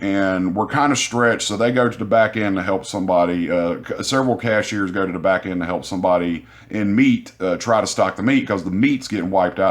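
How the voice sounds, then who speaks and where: A man telling a vlog story about his cashier job in a frustrated, profane, rambling way, sounding sick with a sore throat. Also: low voice. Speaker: grocery store cashier.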